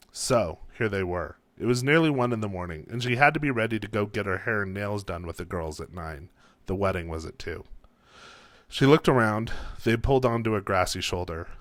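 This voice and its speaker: A man, an author, reading his own story aloud in a calm, unhurried way. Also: lowish voice, no echo.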